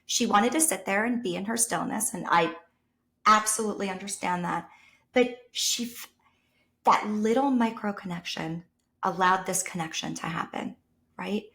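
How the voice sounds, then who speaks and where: Guest spot: New York woman, teacher, animated storyteller who acts out the people she quotes, mid-pitched. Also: normal speed, vocal fry. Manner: animated storyteller, voices quoted people, sometimes drops to a whisper. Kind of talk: casual conversation.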